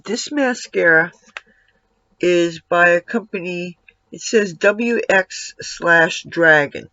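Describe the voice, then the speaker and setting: A man's voice: sits high, takes it slowly, sharp tone, no room sound. A man giving a casual makeup tutorial at home, rambling and breaking off to talk to his cat. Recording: dull lo-fi, dry sound.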